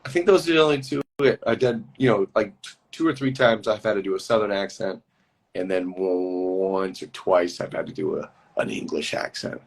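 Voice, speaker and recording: A man being interviewed as a guest actor over a video call, telling rambling, animated stories in a casual chat and laughing easily. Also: low-pitched, normal speed, gravelly.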